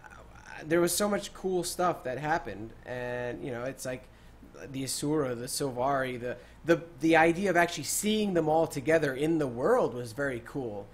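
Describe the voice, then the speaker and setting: With a slightly high voice at normal speed, this young podcast host chats casually about gaming. His storytelling is excitable and punctuated by fillers and laughing fits.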